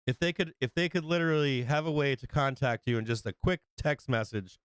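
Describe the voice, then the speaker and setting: A man's voice: mid-range voice, a little fast, smooth, dry recording. A man hosting a trading livestream, rambling and swearing often as he acts out quoted exchanges. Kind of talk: casual profane chat.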